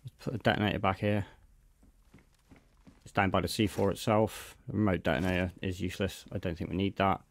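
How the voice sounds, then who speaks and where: A man's voice: low voice, fairly even intonation, a little fast, vocal fry, long pauses, slight background noise. A man with a Bristolian accent chatting casually while playing a survival game on stream, calling people mate. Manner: laid-back, chatty, says mate a lot. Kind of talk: casual gaming chat.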